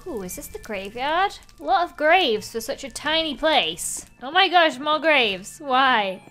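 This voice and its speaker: A woman hosting a let's play, excitable and chatty with frequent gasps. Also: sits high, measured pace, faint music behind. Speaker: gaming video host.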